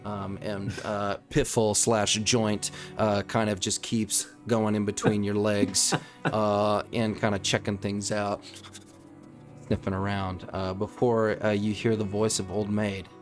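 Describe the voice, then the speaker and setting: A man's voice: on the low side, flat delivery, slow, soft background music. A man narrating as game master of a tabletop role-play game, rambling and full of ums.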